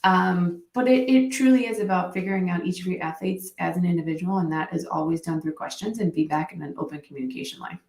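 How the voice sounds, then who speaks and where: A woman talking as a coach and interview guest, telling stories in a lively way and acting out quoted dialogue. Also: lowish voice, echoey room, recorded from a distance. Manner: animated storytelling, quick restarts, acts out quoted dialogue. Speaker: mental performance coach, guest. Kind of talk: casual interview conversation.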